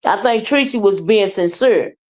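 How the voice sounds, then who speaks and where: A woman doing livestream commentary, blunt, profane and animated as she trash-talks and chats with viewers. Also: medium pitch, normal speed. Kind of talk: live commentary and chat with viewers.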